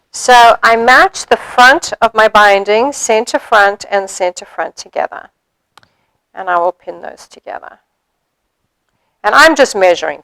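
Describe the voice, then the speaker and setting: A woman demonstrating sewing steps in a chatty way, thinking aloud as she works and filling pauses with ums. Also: mid-range voice, a bit bright, dry recording, low-quality recording. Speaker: sewing instructor.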